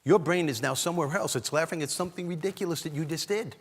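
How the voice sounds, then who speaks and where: A man from Brooklyn, giving a comedic motivational keynote with animated, punchy storytelling. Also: on the high side, quick pace, big-room sound. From Brooklyn, New York. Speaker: keynote speaker. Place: large hall, on stage.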